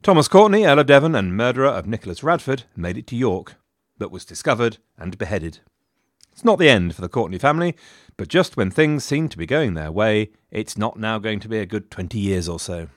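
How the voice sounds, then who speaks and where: A man delivers scripted history narration, full of dry wit and sarcastic asides. His intonation is lively and animated, and the recording is dry and close-miked. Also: fairly low pitch, fairly quick, no room sound. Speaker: history podcast host.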